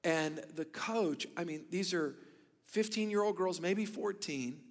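A man in his thirties preaching a sermon, telling stories with bursts of loud emphasis and hushed, whispered asides. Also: high voice, unhurried, big-room sound. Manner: animated storytelling, swings between loud emphasis and hushed whispers. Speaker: pastor.

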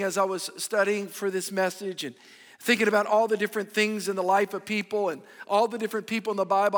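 Man, pastor, sermon, middle-aged, earnest, high-pitched, long hall reverb. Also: a bit bright. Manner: earnest, repeats key phrases for emphasis.

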